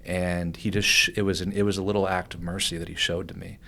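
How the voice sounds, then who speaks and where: A man telling a personal story as a podcast guest, animated and rambling, with many restarts and fillers. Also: sits low, quick pace, vocal fry.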